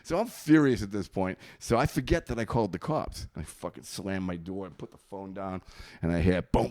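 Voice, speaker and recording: A man's voice: sits low, quick pace, a little mellow. A man telling a long profane story in casual podcast chat, laughing often. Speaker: comedian guest.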